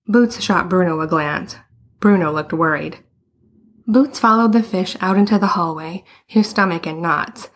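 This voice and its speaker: Woman audiobook narrator, lowish pitch, even storytelling. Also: unhurried. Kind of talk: scripted narration.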